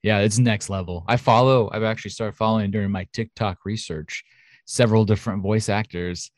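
A man with a lowish voice chats eagerly as a podcast co-host, piling on fillers as he goes. The recording is close and dry, with no room sound. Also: steady tone, a little fast, no room sound. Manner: chatty, enthusiastic, lots of fillers. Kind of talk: casual chat. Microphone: home studio mic.

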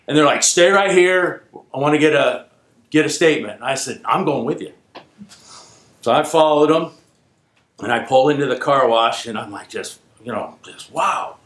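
A man's voice: a little high, normal speed, echoey room. A man casually telling a true story from his working days, acting out the voices of the people in it. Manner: animated, acts out quoted voices. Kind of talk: casual spoken anecdote.

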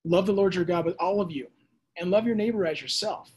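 High-voiced, husky male preacher. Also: brisk. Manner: lively preaching with acted-out voices and conversational asides. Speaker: pastor. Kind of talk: sermon. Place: church or home setting during the pandemic.

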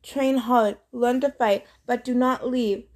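Woman reading as a gentle, formal old centaur. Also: a little high, steady tone, slow pace. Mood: earnest. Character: wise kindly old male centaur teacher.

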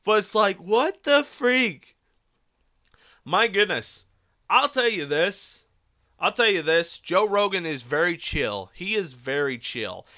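Excitable bright-voiced male podcaster. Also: high voice, a little slow. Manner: excitable, animated, laughs often. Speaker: solo podcast host. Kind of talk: casual storytelling monologue. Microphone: phone.

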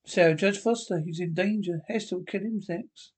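A man's voice: sits high, moderate pace, pitched above the performer's own voice. A man voicing a frightened young wife in a radio-play reading, urgent and pleading. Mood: urgent fear.

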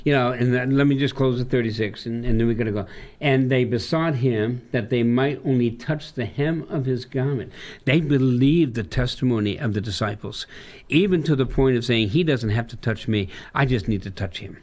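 A man, a pastor, talking through a Bible passage with a colleague and reading verses aloud slowly in old-style wording. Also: medium pitch, a little mellow. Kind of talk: conversational Bible discussion.

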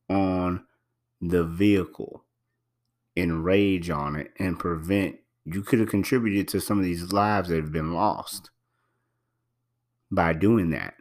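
Male podcast host, low voice, casual and emphatic delivery, lots of fillers and repeats. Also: darkish tone. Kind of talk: casual spoken commentary.

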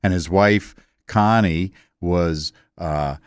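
A man's voice: low voice, takes it slowly, clear, resonant tone, dry recording, clean studio sound. An older man from Delaware, telling family stories in a casual interview, rambling with many fillers. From Delaware, USA. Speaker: interview guest.

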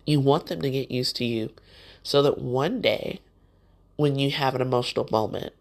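A woman's voice: extremely low pitch, normal speed, creaky, darkish tone. A woman hosts a motivational podcast and talks straight to the listener. Her delivery is conversational and encouraging, like a casual pep talk. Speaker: podcast host.

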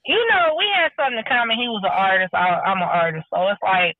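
A woman chatting casually and telling animated stories, acting out the people she quotes and swearing freely. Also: medium pitch, fast, no room sound. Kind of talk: casual chat. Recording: tinny phone-like sound, dry.

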